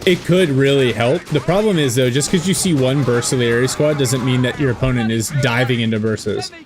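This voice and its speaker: A man casting a strategy game replay in a relaxed way, thinking aloud with fillers and joking about himself. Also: mid-range voice, a little fast, noisy background. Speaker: game caster. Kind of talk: casual esports commentary over a replay. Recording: game battle sounds with gunfire and artillery behind.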